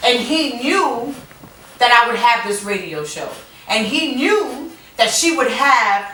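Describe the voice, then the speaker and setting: Higher-voiced woman host, roomy and distant. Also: a bit bright, slight background noise. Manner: effusive, jokey, stumbles and repeats words. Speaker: radio show host. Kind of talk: emotional, faith-filled talk.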